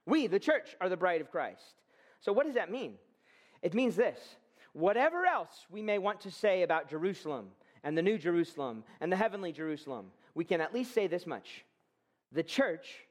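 Male pastor preaching a fervent sermon; high voice, swelling emphasis.

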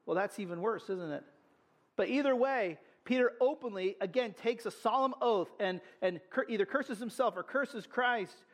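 A man preaching a sermon, earnest and animated, with quick asides to the congregation. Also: sits high. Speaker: pastor.

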